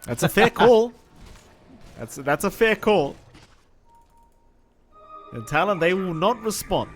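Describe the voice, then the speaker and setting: A man casting a pro video game match, calling fights excitedly and teasing his co-caster. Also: high voice, slow, soft background music. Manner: excitable calls, teasing banter. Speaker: esports caster. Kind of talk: esports commentary.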